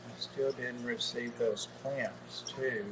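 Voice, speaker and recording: A man's voice: medium pitch, steady tone, takes it slowly, noisy background. Laid-back man in casual chat. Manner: dry, laid-back remarks.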